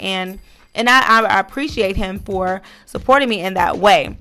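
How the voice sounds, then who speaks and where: On her own podcast, a woman talks at a measured pace in a medium-pitched voice whose tone is bright and forceful. She's earnest and motivational throughout a casual, encouraging monologue full of fillers.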